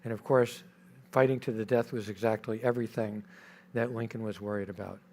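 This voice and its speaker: A man's voice: lowish voice, fairly even intonation, fairly quick, darkish tone, slight background noise. A man giving a talk about his history book, telling it dramatically with repeated phrases, some fillers and restarts. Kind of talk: lecture-style history talk. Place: festival stage.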